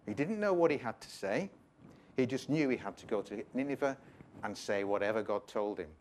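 A man's voice: fairly low pitch, expressive, normal speed, long pauses, slight background noise. A man giving an informal, jokey sermon, retelling a Bible story with chatty asides. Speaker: preacher.

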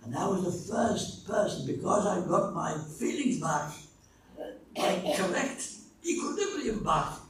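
An older man preaching a sermon and telling a story from his own life, slow and dramatic, with his pitch and loudness swinging widely. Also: big pitch swings. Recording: echoey hall, speaker far from mic, faint noise.

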